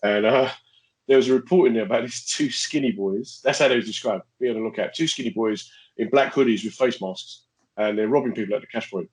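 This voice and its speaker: A man's voice: mid-range voice, a little fast, low-quality recording. A man co-hosting a podcast, chatting casually in an indignant, joking way. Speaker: podcast co-host. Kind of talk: casual chat.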